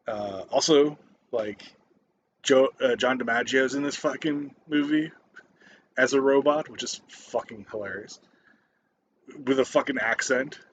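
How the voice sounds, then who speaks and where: A man's voice: medium pitch, dull audio, a little hiss or hum. Rambling, foul-mouthed man reviewing a movie. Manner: rambling, heavy swearing, many fillers and restarts. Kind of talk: casual spoken movie review.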